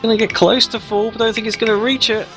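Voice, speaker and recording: A fairly high-voiced man commentates a sim racing event with enthusiasm. He talks in a loose, chatty way over faint music. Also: level tone, fast. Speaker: race commentator.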